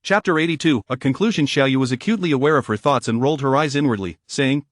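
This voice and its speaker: A man narrating a web novel audiobook in an even, plain storybook reading. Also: medium pitch, fast, few pauses, dry recording, studio quality.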